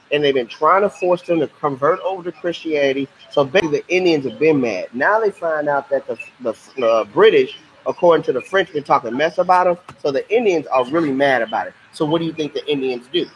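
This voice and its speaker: A man's voice: fairly high pitch, brisk, hardly any pauses. A man teaching a casual, slangy livestream history lesson and quizzing his viewers. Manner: lively, slangy, asks questions to the class. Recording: muffled lo-fi stream audio with faint hiss.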